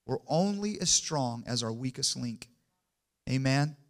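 A man preaching a sermon in church, calling for amens and building from quiet to loud and emphatic. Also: mid-range voice, lively intonation, measured pace, creaky. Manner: call-and-response, asks the congregation for amens.

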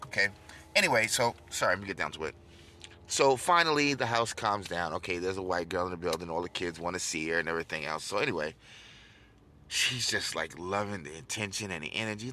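A man telling a rambling, animated personal story as a casual vlog, swearing as he goes, recorded in a car. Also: deep voice, fairly quick. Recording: loud car and road noise.

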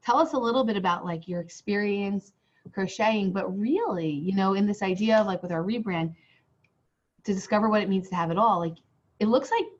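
A woman hosting a casual interview podcast, her voice hoarse from a cold, rambling with many fillers and restarts. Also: mid-range voice, fairly quick. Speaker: podcast host. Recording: dull lo-fi sound.

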